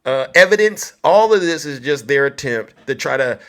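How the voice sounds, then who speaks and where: A man hosting a political commentary livestream, loud and mocking, often repeating himself. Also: mid-range voice, lively intonation, moderate pace. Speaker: livestream host.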